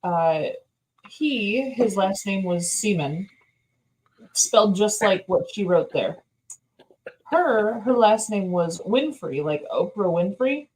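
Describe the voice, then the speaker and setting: A woman's voice: mid-range voice, lively intonation, slow pace, a little mellow, poor audio. A woman co-hosting a casual chat show, telling amused stories. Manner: storytelling, amused, chatty. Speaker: co-host.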